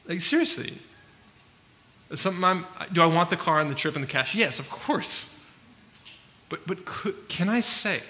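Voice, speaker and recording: A man's voice: sits high, lively intonation, normal speed, bright, forceful tone, long reverb tail, slight background noise. A man preaching a sermon as pastor, talking casually with fillers and restarts.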